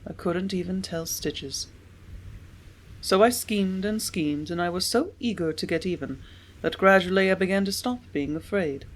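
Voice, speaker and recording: A woman narrating an audiobook in a measured, steady reading voice. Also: on the low side, slight background noise. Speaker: audiobook reader.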